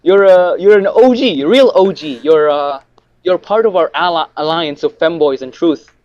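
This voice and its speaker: A young man co-hosting a podcast, giving halting thank-yous full of fillers. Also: a little high, a little mellow, no room sound, highs cut off. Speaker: podcast co-host. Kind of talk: casual chat, listener shout-outs.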